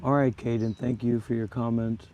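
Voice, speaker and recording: A man's voice: medium pitch, little pitch movement, normal speed, dark tone, dull audio. A man hosting a livestream, talking bluntly and combatively straight at his viewers. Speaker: livestream host and former monk. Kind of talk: unscripted livestream talk.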